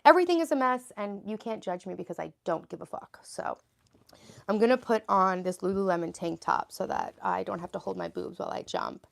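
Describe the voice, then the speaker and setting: Broadcasting live from her cluttered home, a middle-aged mom vlogger talks casually and replies to comments as they come in. She has a brisk, gravelly, mid-range voice.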